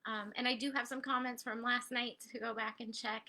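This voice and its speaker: A woman's voice: fairly high pitch, steady tone, a little fast, creaky, pushed and bright. A woman hosting a live online training, chatty and upbeat, talking straight to her viewers. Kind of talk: live-stream coaching talk.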